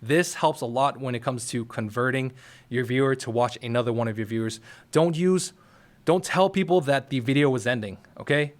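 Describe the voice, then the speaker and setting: A man's voice: mid-range voice, normal speed. A young man hosting a YouTube how-to, coaching viewers in a direct, casual way and checking in with "all right?" He is in his office next to a firehouse. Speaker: YouTube tutorial host. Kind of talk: casual how-to talk to camera.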